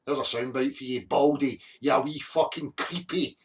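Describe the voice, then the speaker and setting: A man's voice: medium pitch, fairly even intonation, moderate pace. A Scottish man hosting a live stream, ranting bluntly with heavy swearing and greeting viewers from the chat. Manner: angry, heavily sweary, blunt. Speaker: livestream host.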